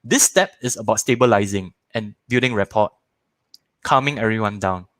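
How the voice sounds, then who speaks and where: This Malaysian-accented man in his thirties speaks at a moderate pace in a lowish voice, with no echo. Teaching a parenting workshop live online, he animatedly plays out small scenes in different voices and repeats words to stress them.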